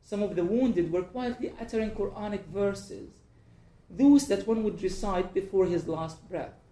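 A man with a slightly high, mellow voice. He reads from his book slowly and with care, and when he answers questions he stumbles and restarts. The sound is echoey, like a bare room. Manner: measured, deliberate reading; halting, repetitive speech when answering. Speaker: author and guest. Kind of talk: reading aloud from his book, then interview answers.

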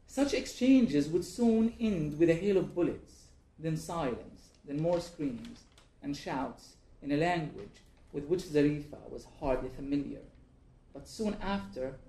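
A man with a slightly high, mellow voice. He reads from his book slowly and with care, and when he answers questions he stumbles and restarts. The sound is echoey, like a bare room. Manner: measured, deliberate reading; halting, repetitive speech when answering. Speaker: author and guest. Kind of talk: reading aloud from his book, then interview answers.

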